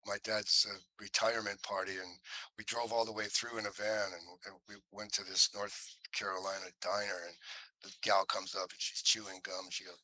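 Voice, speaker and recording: Bright-voiced man telling animated stories. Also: lowish voice, moderate pace, no room sound, rough recording. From Cleveland, US. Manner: animated storyteller who slips into impressions. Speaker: actor guest. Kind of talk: podcast interview storytelling.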